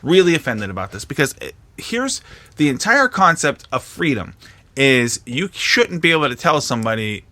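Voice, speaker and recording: Male podcast co-host, profane animated storyteller, bright tone. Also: medium pitch, moderate pace. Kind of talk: casual podcast chat.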